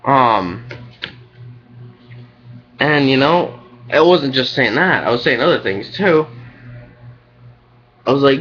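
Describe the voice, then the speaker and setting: A young man talks straight into his webcam, venting about his day in a loose, rambling, frustrated way. His voice sits at an ordinary middle pitch. The webcam mic leaves the sound dull and lo-fi. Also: animated, takes it slowly, pauses often, a bit bright, breathy edge. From United States. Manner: rambling, frustrated, heavy on "like" and "you know". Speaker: restaurant cook.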